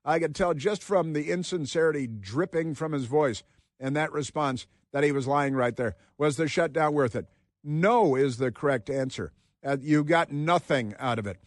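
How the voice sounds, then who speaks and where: A man hosting a talk radio show, delivering combative, sarcastic commentary with frequent halting restarts. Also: on the high side, dry recording, clean studio sound.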